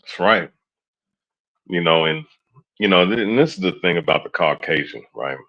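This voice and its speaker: A man's voice: deep voice, expressive, normal speed, muffled recording. A man co-hosting a casual religious commentary, agreeing and cutting in with short remarks. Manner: agreeing, interjecting.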